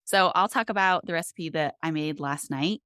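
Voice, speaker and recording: A woman's voice: sits low, normal speed, fairly bright tone, smooth, no room sound, studio quality. A woman hosting a podcast, telling stories in an upbeat, conversational way. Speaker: podcast host. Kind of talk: casual chat.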